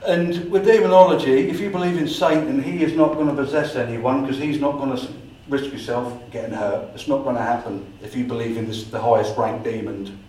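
Animated man telling a story in an echoey room. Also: medium pitch, fairly quick, few pauses, recorded from a distance. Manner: animated storyteller acting out his own dialogue. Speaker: paranormal investigator giving a talk. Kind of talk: storytelling talk to a society meeting. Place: meeting room.

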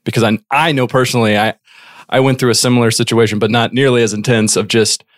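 A podcast host with a mid-pitched voice who speaks earnestly and admiringly to his guest, loose and chatty. His voice sits close and dry, with no echo. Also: fairly even intonation, fast. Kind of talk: casual interview chat.

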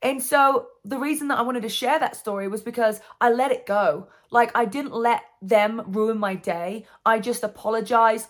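Woman vlogging, rambly, says like a lot, kinda high voice. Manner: rambling, many "like" fillers and restarts. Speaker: vlogger and coach. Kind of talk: casual storytelling monologue.

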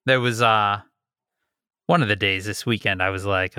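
A man's voice: on the low side, normal speed, long pauses, pushed and bright, smooth, no room sound, studio quality. A man co-hosting a podcast in casual, playful chat, talking up his good mood. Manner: playful, chatty, mock-upbeat. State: scratchy throat. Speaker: podcast co-host.

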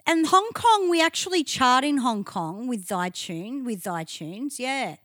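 A man's voice: very high voice, sing-song, a little slow, no room sound, clean studio sound. A man with an Australian accent co-hosting a podcast, telling playful, sweary stories and joking around. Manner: loud, sweary, playful storyteller. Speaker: podcast co-host. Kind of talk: casual banter.

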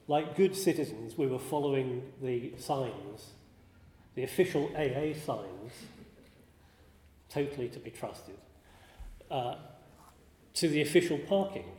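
A man from northern England tells a rambling, wry story to a live audience, poking fun at himself along the way. His voice sits at an ordinary middle pitch, and the hall adds noticeable echo with a long, trailing reverb. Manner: wry, self-deprecating, chuckling. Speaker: speaker giving a talk. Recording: echoey hall.

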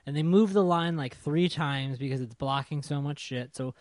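A man telling a story in casual chat, animated and exasperated, swearing freely. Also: on the high side, normal speed, no room sound.

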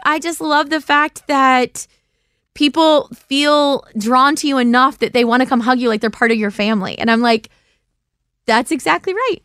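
A woman in her thirties hosting a podcast, chatting casually through live questions and telling stories, acting out quotes with sudden leaps in pitch. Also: fairly bright tone, dry recording, studio quality. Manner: chatty storyteller, acts out quotes with big pitch jumps. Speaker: podcast host.

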